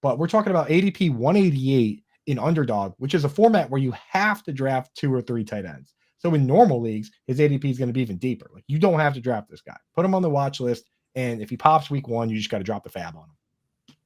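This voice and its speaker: Male panelist, average pitch, casual and blunt. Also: animated, fast talker, darkish tone. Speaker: fantasy football analyst.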